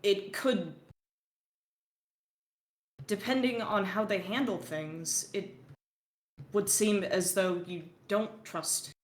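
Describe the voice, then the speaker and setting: A woman voicing a composed noblewoman in a tabletop game, speaking carefully and deliberately. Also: mid-range voice, lightly acted. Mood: measured. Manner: measured, careful. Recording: roomy echo.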